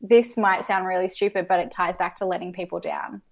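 Hesitant woman with a creaky voice. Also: on the low side, steady tone, a little fast. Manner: hesitant, many fillers and restarts. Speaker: podcast guest. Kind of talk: candid conversational reflection.

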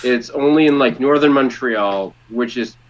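A man's voice: medium pitch, moderate pace, lo-fi sound. A man from Ontario, Canada, chatting as a podcast guest in a sarcastic, joking way. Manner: lively, sarcastic, puts on mock voices.

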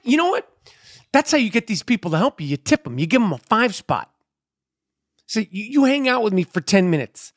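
A man's voice: high voice, big pitch swings, a little fast. A middle-aged man, ranting in a crude, rambling comedy monologue full of repetition and swearing.

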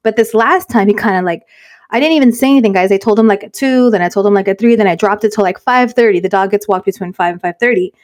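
Fast-talking middle-aged woman podcaster. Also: mid-range voice, a little mellow. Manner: fast, candid storytelling that mixes in Spanish words. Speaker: podcast co-host. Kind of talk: casual podcast chat.

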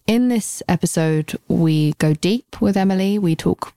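Low-voiced hoarse woman podcast host. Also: a little slow, mellow, no room sound, studio quality. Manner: enthusiastic, effusive. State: sick, hoarse voice. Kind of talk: podcast intro and interview.

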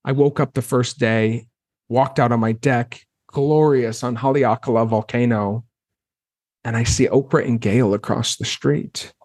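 A man in his thirties, a guest on an interview podcast, telling his story in a casual, animated way and acting out his own past reactions. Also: mid-range voice, unhurried, no room sound, studio quality.

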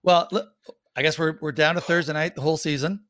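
A man hosting a casual sports podcast, ranting in an animated, emphatic way. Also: fairly high pitch, dry recording, studio quality. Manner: animated, emphatic, quick rants. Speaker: podcast host.

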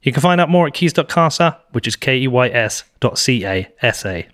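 A man's voice: medium pitch, animated, brisk, fairly bright tone. A British man, host of a podcast, reading sponsor ads and then chatting casually with his guest, laughing often and restarting his sentences. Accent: British English. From Britain. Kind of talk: ad reads then casual chat.

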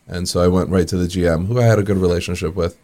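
A man's voice: sits low, fairly even intonation, very fast, mellow. A man, a guest telling his own story in casual talk, chuckling often and full of fillers. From New York area.

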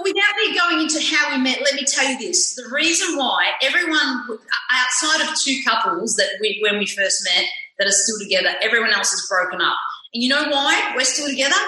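Bright-voiced, swearing woman in echoey room. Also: sits high. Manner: animated, profane, self-questioning. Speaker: interview guest. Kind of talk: candid conversational reflection.

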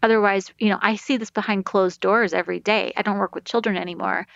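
A woman's voice: mid-range voice, steady tone, fast talker, creaky, a bit bright, no room sound. Woman explaining anxiety, dull dry sound. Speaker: parenting and anxiety expert guest. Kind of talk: conversational podcast advice.

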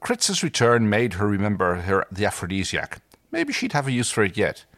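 A man's voice: lowish voice, huge pitch swings, moderate pace, fairly bright tone, no echo, studio quality. A man reading a novel aloud and bantering casually, often breaking into laughter. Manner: laughing, chatty. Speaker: reader of a novel.

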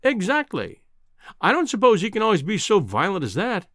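A man voicing a brisk older male newspaper news editor, dry and clipped with a teasing edge. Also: high-pitched, wildly swooping pitch, fairly bright tone, no room sound, pitched above the performer's own voice, heavily acted. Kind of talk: audiobook character reading.

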